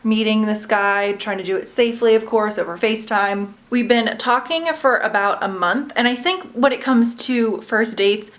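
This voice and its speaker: A woman in her late twenties talks straight to her camera at home, casual and confessional. Her pitch sits in a middle range, and she keeps slipping in easy fillers like "you know" and "like" as she admits her worries. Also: fairly bright tone. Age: 20s. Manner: chatty and candid, frequent fillers like "you know" and "like"; self-doubting, confessional. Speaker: vlogger. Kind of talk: casual vlog chat to camera.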